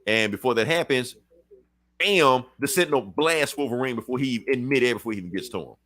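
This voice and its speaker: A man's voice: medium pitch, a little fast. A man co-hosting a podcast, casually recapping a comic with profanity, laughing and acting out characters' lines. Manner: animated retelling, acts out characters' lines, profane, laughs often. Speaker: podcast co-host.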